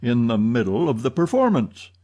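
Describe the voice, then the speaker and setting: A man voicing a solemn police commissary in an audiobook, asking measured, probing questions. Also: medium pitch, very animated, mellow. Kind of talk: audiobook character reading.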